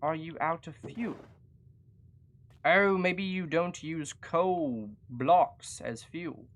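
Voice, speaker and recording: A streamer talks through a building game in a loose, chatty live commentary, teasing themselves and the game along the way. The voice sits in a middle pitch and sounds close on a desk microphone. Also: lively intonation, takes it slowly, gravelly, slight background noise. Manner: chatty, self-mocking and jokey. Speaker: gaming streamer. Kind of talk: casual live gameplay commentary.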